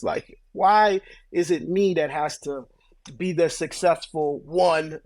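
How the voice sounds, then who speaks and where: A man's voice: on the high side, slow, a little mellow, no echo, studio quality. A man guesting on a podcast, candid and laughing as he talks, often asking "you know what I mean?". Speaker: guest business owner. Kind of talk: casual interview chat.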